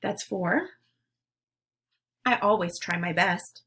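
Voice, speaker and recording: A woman teacher leading young children through a phonics lesson, giving words slowly and clearly for them to repeat. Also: lowish voice, bright, forceful tone. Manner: slow, clear, leading call-and-response drills.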